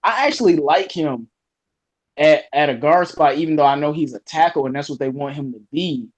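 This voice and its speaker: A man in casual sports podcast talk, quick and piling up thoughts with restarts. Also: fairly high pitch, highs cut off. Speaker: podcast co-host.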